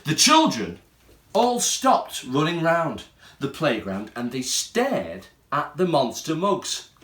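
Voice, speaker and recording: Male teacher reading a storybook aloud, slow and lively, echoey school room. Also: on the high side. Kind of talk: reading a picture book to children. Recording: roomy room echo.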